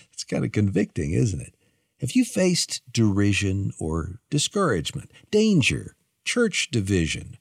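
Male announcer, husky, lively intonation, dry close studio sound, faint music underneath. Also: lowish voice, a little slow, dry recording. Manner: conversational, friendly address to the listener. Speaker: radio program announcer. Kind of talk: scripted broadcast introduction.

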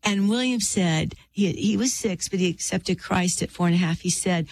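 A woman's voice: lowish voice, a little mellow. Earnest middle-aged woman telling a faith story. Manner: earnest and heartfelt, drawn-out pauses, preacherly. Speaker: author and interview guest.

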